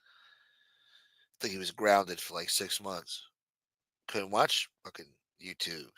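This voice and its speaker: A man's voice: deep voice, steady tone, slow pace, pushed and bright, no room sound. A man hosting a late-night livestream, chatting casually and profanely while reading viewer messages. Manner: loose, profane, jokey banter reading viewer chats. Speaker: livestream show host.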